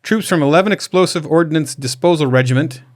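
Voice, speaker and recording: A man's voice: a little high, a little fast. Rambling, laughing male podcast host. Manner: rambling, laughing, animated storytelling. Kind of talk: casual comedic chat.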